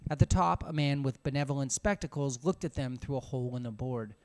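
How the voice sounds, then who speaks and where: A man reading a story aloud in a small room alone, expressive, with casual asides. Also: medium pitch, a little fast. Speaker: reader.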